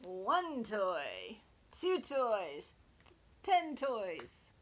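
A woman voicing a neat little boy piglet in a storybook, high and whiny. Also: lively intonation, slow, sharp tone, slight background noise.

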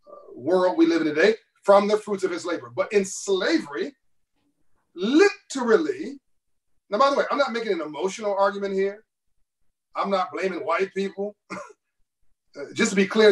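A man's voice: high voice, recorded from a distance, rough recording. A man speaking as a guest author in an interview, making his points with emphatic bursts and laughing between them over a video call. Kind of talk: passionate interview talk.

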